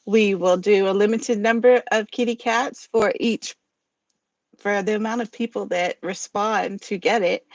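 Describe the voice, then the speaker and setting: A woman's voice: medium pitch, no room sound. A woman hosting a live poetry stream, talking in a chatty, rambling way as she explains the rules. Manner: chatty, rambling, laughs easily. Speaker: poetry reading host. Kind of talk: livestream hosting and poetry reading.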